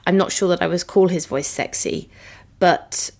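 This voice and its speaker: A woman's voice: fairly low pitch, fairly even intonation, normal speed, gravelly, a little mellow. A woman co-hosting a podcast, chatting casually and teasing her co-host. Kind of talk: casual chat.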